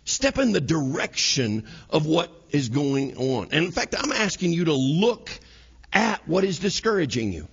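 A man preaching to his congregation, his voice swinging up and down as he plays out little scenes. His tone is husky and sits a touch high. The recording sounds a little dull. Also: a little slow. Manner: animated, acts out scenes in quoted voices. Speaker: pastor. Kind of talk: sermon. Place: church sanctuary.

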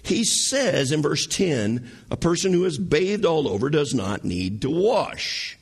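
A man preaching a sermon as pastor, animated, asking the congregation rhetorical questions and using sarcasm. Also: fairly high pitch, slow, breathy edge.

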